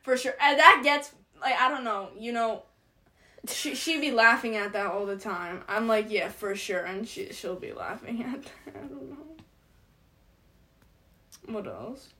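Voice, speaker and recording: A young woman of eighteen chatting casually with a friend, slangy and quick to laugh, sometimes mumbling her words together. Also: on the high side, pushed and bright, a little hiss or hum. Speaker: podcast co-host. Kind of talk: casual chat.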